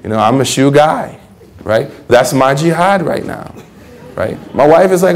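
A man giving a conversational, animated sermon, acting out the voices of people he quotes. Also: medium pitch, normal speed, vocal fry, slight background noise. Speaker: preacher. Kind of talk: lecture sermon.

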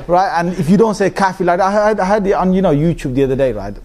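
Brief: man, middle-aged, lively joking preacher, slightly higher voice. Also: fast talker, slight background noise. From United Kingdom. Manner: animated, humorous storytelling with frequent restarts. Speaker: Islamic speaker. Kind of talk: informal talk to a congregation.

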